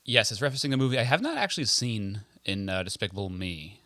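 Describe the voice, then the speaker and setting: A man's voice: fairly low pitch, sing-song, fast talker, pushed and bright, no room sound, studio quality. A man co-hosting a casual podcast, easygoing and self-deprecating, often laughing. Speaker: podcast co-host.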